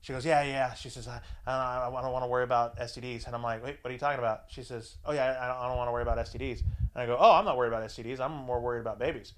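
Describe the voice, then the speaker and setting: A man's voice: medium pitch, little pitch movement, racing, slight background noise. Crude, laughing male storyteller. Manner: crude, laughing anecdotes with quoted dialogue. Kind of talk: casual storytelling chat.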